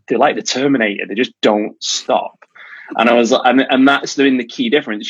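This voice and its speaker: Husky low-voiced man, lo-fi audio. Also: no echo. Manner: animated storyteller, quick restarts. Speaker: guest, charity founder. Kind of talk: casual podcast chat.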